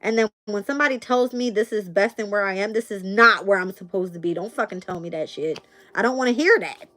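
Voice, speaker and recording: A woman's voice: medium pitch, fast, pushed and bright. A young woman hosting a casual live stream and reading tarot cards, blunt and profane, with frequent laughs.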